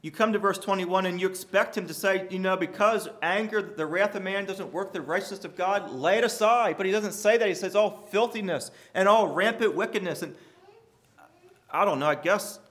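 This pastor's sermon is earnest and brisk, delivered in a man's voice that sits a bit higher than usual. Repetition carries his points, and he rises abruptly to forceful emphasis before dropping almost to a murmur.

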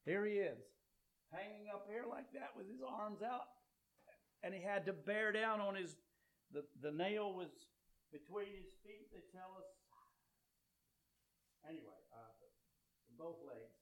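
A man preaching a sermon, swinging between loud emphatic peaks and low quiet passages. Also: animated, a little slow, long pauses.

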